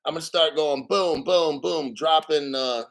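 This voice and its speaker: Man, middle-aged, livestream host, casual rant, blunt, profane, a bit high-pitched. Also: unhurried, vocal fry, fairly bright tone. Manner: blunt, profane, emphatic, repeats "okay?".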